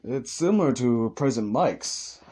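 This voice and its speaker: A man's voice: medium pitch, expressive, normal speed, warm tone, lightly acted. A man voicing a big cheerful adult superhero who speaks in a hearty, encouraging way.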